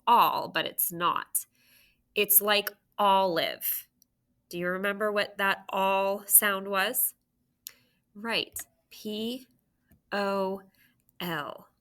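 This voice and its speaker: A woman leads a phonics lesson for young children, taking it slowly and stretching every letter sound. Her voice is bright and crisp, and she speaks into a computer mic. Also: mid-range voice. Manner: slow, clear teacher talk with drawn-out sounds. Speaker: teacher.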